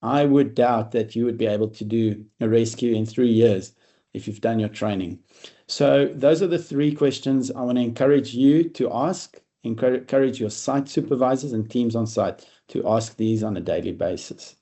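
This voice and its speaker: A man giving an online safety presentation on a video call, relaxed, with frequent fillers and restarts. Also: mid-range voice, normal speed. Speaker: webinar presenter on work-at-height safety.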